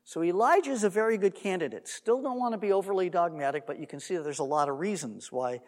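A man's voice: sits high, fast talker. A man giving a Bible teaching sermon, telling the story with animation and conversational asides, careful not to sound dogmatic. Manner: animated storytelling, acts out quotes. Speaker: Messianic teacher. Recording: long hall reverb.

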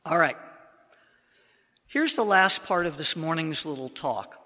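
A man preaching a sermon, reading scripture slowly and with dramatic emphasis. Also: a little high, expressive, bright, forceful tone, long reverb tail.

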